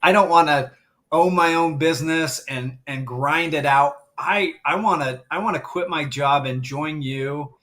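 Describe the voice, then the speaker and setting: A man's voice: a little high, a little slow, fairly bright tone. Emotional middle-aged man telling his story. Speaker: guest, grief coach. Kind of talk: live stream conversation.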